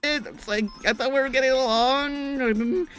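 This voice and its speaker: A man's voice: very high voice, steady tone, normal speed, a bit bright, soft background music. A man in a video telling an awkward personal story while gaming, hesitant, stammering and self-deprecating. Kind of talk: vlog storytelling over gameplay.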